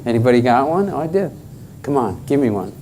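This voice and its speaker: A middle-aged man gives a workshop talk at a conference, emphatic and joking with the audience. His mid-range voice swings widely in pitch, moves briskly and sounds mellow, with a little hiss or hum.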